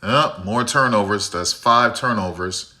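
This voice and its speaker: This Chicago man, lowish-voiced and a little slow, sounds pushed and bright as he streams a basketball game. He rants with strong, blunt opinions in his live commentary and keeps adding "right?" to his lines.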